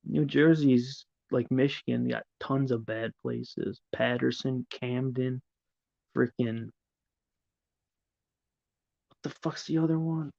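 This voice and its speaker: A man's voice: mid-range voice, takes it slowly, vocal fry, long pauses, darkish tone, no echo, highs cut off. A middle-aged man hosting a livestream, chatting casually with viewers in a rambling, profane way. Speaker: livestream host. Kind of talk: casual live chat, answering viewers.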